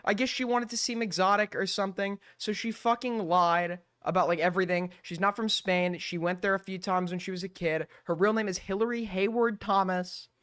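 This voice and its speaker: A man's voice: high-pitched, fairly even intonation, a little fast, hardly any pauses, a bit bright, clean tone, no echo, clean studio sound. A man ranting through a live stream commentary, exasperated and full of swearing.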